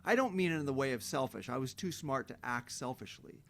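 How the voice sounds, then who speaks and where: A man's voice: mid-range voice, animated, fairly quick, slight background noise. A middle-aged man giving a blunt, profane self-help monologue, breaking into heated emphatic rants. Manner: mocks others in sing-song quoted voices. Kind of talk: unscripted monologue.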